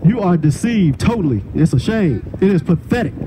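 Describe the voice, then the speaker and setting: A man's voice: sits high, sing-song, moderate pace. A man preaching on the street, lecturing and repeating himself combatively at a heckler. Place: outdoors on a city street. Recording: noisy outdoor street recording.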